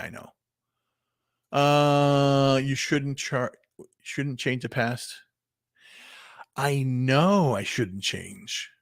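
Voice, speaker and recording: A man's voice: mid-range voice, no room sound, clean studio sound. A man in his fifties doing a solo livestream, thinking aloud in a meandering way with many restarts, repeated words and casual swearing. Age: 50s. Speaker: vlogger. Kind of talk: rambling solo livestream talk.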